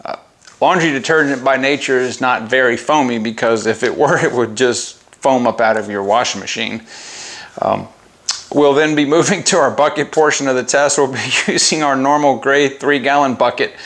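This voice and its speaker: A man's voice: medium pitch, moderate pace, fairly bright tone. A man hosting a casual product review vlog, chatty and informal, who keeps breaking into giggles as he talks to his viewers. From United States. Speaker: car care product reviewer. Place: outdoors by a house and driveway.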